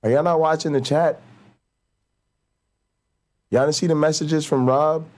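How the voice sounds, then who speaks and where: A man's voice: fairly high pitch, steady tone, a little slow, a little mellow. A man hosting a livestream, joking and talking straight to his chat in casual slang. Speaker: livestream host.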